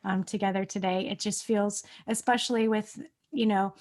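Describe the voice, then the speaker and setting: A woman's voice: medium pitch, fairly even intonation, moderate pace, darkish tone. A woman in her forties hosting a casual interview, gushing and bubbly, with lots of fillers. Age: 40s. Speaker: host.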